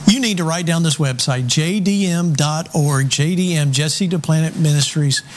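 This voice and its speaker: A man hosts a TV interview in an enthusiastic, effusive way, his voice a little higher than most men's. Faint ambience hums behind him. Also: moderate pace, a little hiss or hum. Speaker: TV host. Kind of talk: casual interview hosting.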